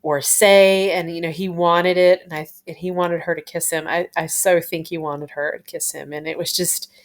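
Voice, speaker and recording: A woman's voice: lowish voice, steady tone, moderate pace. A woman reviewing a TV episode in a casual, gushing way, full of fillers and retold scenes. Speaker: TV show reviewer.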